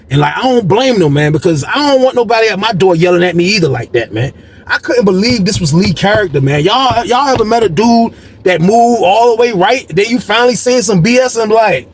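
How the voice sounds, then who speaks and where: A man tells a story in a fairly high voice that swings up and down with animation. He leans on slang and fillers, dropping "man" and "bro" at the end of nearly every sentence, in a relaxed storytime delivery. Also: brisk, a little hiss or hum. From Norfolk, Virginia. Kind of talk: casual storytime.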